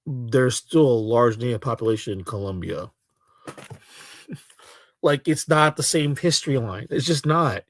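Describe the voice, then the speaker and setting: Halting, scoffing man reacting dryly. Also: mid-range voice, expressive, no room sound. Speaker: reaction streamer. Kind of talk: reaction commentary.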